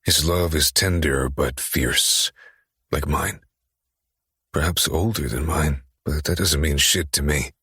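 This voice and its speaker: A man plays a cunning, possessive young man in an audiobook, his voice extremely deep and heavily husky. He talks slowly with controlled menace, recorded close and dry. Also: sharp tone, dry recording, heavily acted. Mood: intense. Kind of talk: audiobook character reading.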